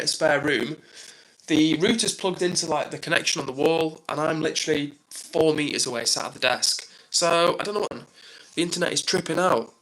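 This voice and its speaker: A man's voice: a little high, sharp tone, rough recording. A man from England hosting a casual live stream, rambling upbeat through viewer comments with lots of fillers.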